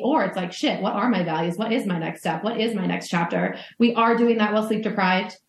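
Woman coach talking frank and loose, curses a bit, roomy echo on her voice. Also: medium pitch. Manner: candid, swears casually, uses metaphors. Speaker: motherhood coach guest. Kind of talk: conversational podcast interview.

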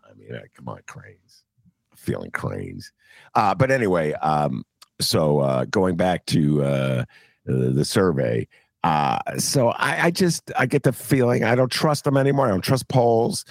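A man, co-hosting a casual political chat podcast, rambling and animated, laughing often and full of fillers. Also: deep voice, a little slow, no echo, studio quality. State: recovering from a cough. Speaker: podcast co-host and columnist.

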